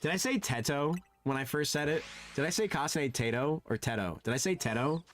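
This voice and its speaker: A man streaming a game, chatting casually and sounding animated and flustered, his voice jumping high and dropping low. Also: a little fast. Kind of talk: casual live-stream chat.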